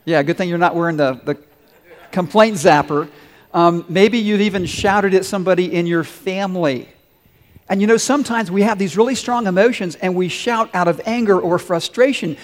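A man with a high, light voice preaches to his congregation with earnest warmth of purpose. His words ring out in a large sanctuary with a long, lingering reverb. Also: normal speed. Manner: earnest, leads the congregation in call-and-response. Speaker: pastor. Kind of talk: sermon.

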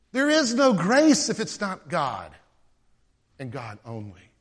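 Animated male preacher, higher voice. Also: measured pace, long reverb tail. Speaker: pastor. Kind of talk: sermon.

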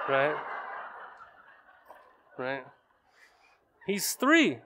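A man in his thirties preaching a sermon in a conversational way, often checking in with rhetorical questions. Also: fairly high pitch. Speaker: pastor.

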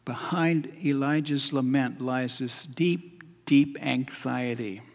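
A male preacher giving a sermon, measured and repetitive, often dropping to a quiet, weighty emphasis. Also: medium pitch, gravelly. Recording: long hall reverb.

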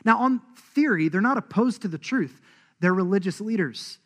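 Man, sermon, animated preaching, slightly high voice. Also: normal speed. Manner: animated, acts out quoted voices. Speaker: pastor.

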